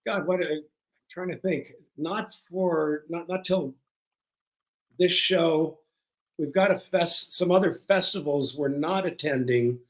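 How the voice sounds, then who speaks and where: Relaxed wry older man guest. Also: on the high side, slow, low-quality recording. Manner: relaxed, wry, dry humor. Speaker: guest filmmaker. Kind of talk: casual interview chat.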